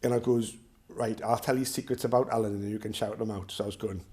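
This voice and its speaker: This self-defence instructor, a middle-aged man from North East England with a Geordie accent, chats casually with his class, spinning jokey, meandering anecdotes. He speaks quickly in a lowish, slightly mellow voice that barely moves in pitch.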